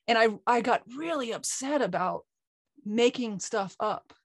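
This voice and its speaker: A woman's voice: a little high, measured pace, no echo, studio quality. A woman co-hosting an online talk, candidly telling a personal story with lots of restarts. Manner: candid, animated, frequent restarts and fillers. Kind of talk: personal storytelling in a group call.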